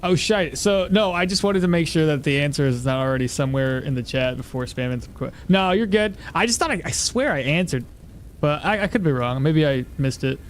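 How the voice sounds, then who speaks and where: A man's voice: on the high side, expressive, fairly quick, slight background noise. A man streaming a video game, chatting casually, thinking aloud and answering his chat as he plays. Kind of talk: live gameplay commentary.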